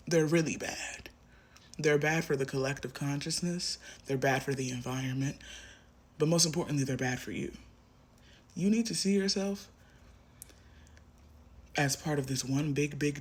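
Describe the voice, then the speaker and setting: A man's voice: medium pitch, breathy edge. A man giving a collective tarot reading straight to the viewer, impassioned and emphatic, repeating phrases, swearing, and sometimes dropping to a whisper. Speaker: tarot reader.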